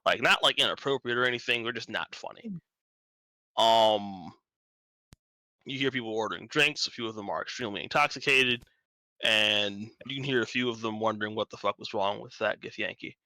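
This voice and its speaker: A man's voice: lowish voice, fairly quick, pushed and bright, no room sound, low-quality recording. A man narrating as game master in a tabletop game stream, casual and rambling. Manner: rambling, casual, self-correcting.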